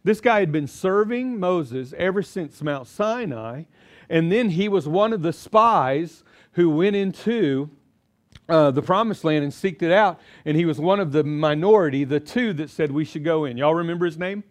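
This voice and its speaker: A man's voice: on the high side, lively intonation, moderate pace. A middle-aged man teaching a Bible seminar to a live audience, chatty and quizzing them as he goes. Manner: chatty, asks audience questions, acts out quotes.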